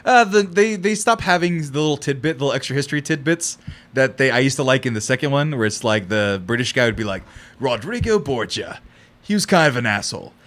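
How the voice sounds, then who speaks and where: A man co-hosting a podcast, telling stories in casual chat with lively swearing. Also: mid-range voice, a little fast. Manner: animated storytelling with swearing. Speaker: podcast co-host.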